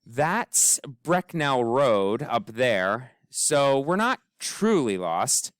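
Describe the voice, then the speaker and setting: A man's voice: medium pitch, very animated, very slow, clean tone, no room sound, studio quality. Give me a man doing a stern elderly great-aunt. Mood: matter-of-fact. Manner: firm, scolding. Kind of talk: audiobook character voice.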